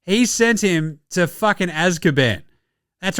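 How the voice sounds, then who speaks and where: An Australian man hosting a basketball show, ranting in a sweary, excitable and sarcastic way. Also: sits high, a little slow, smooth, no echo, studio quality. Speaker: basketball podcast host. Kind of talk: casual sports commentary rant.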